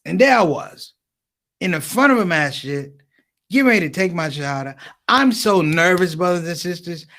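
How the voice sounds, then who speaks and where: A man's voice: sits high, normal speed. A man telling funny personal stories in a stand-up set at a conference, acting out the dialogue with lots of repetition. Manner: animated storytelling, acting out dialogue, repeated phrases. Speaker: comedian.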